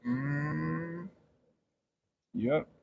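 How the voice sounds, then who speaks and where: Man, middle-aged, slightly high pitch, husky, blunt profane storytelling, casual stream chat. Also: drawn-out words, darkish tone. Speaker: streamer and commentator.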